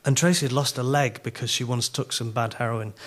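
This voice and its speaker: A little quick in pace, a middle-aged man with Yorkshire English speech gives a conference sermon spiced with humorous anecdotes. His pitch is middling, and he's a lively storyteller happy to laugh at himself.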